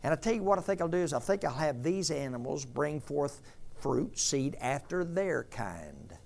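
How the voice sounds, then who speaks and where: A man's voice: fairly high pitch, sing-song, normal speed, gravelly, a little mellow, slight background noise. A male preacher voicing God in a sermon, speaking in a folksy, offhand way as if thinking aloud. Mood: musing. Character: God musing calmly about creation, male.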